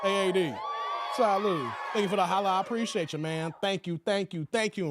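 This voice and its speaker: High-voiced man laughing through a livestream. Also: fairly quick, fairly bright tone, some chatter behind. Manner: playful, laughing, reads out chat and donations. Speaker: livestream host. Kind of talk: casual livestream chat.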